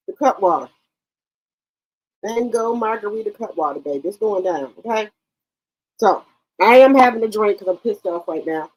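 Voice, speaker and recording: A woman's voice: mid-range voice, expressive, normal speed, long pauses, a little mellow, rough recording. A woman hosting a casual livestream, chatting brashly with her viewers and swearing freely. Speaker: livestream commentary host.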